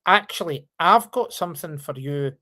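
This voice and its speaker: A man's voice: fairly high pitch, lively intonation, moderate pace, sharp tone. A middle-aged man speaking as a guest in a live-stream interview, hesitant and searching, often restarting his questions. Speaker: guest, company chief executive.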